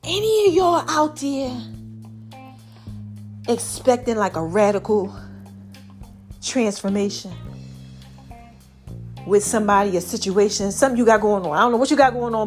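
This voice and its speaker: Female podcast host, high-pitched, a bit winded, energetic motivational chat with soft music under it. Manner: lively, preachy, slangy, calls herself Mama. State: slightly out of breath. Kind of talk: casual inspirational monologue.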